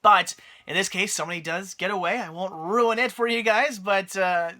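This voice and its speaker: A man's voice: high-pitched, moderate pace, pushed and bright. A man giving a casual, rambling spoken movie review, full of fillers and restarts.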